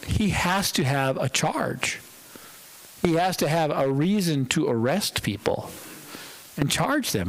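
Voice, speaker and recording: A male pastor giving a conversational, dramatic sermon in a church, with pauses for effect. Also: medium pitch, low-quality recording.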